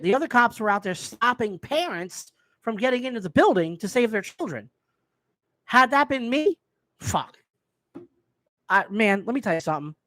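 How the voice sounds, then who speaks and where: A man's voice: high voice, sharp tone, dry recording. A man hosting a live stream, ranting in a heated way and swearing freely. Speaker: host.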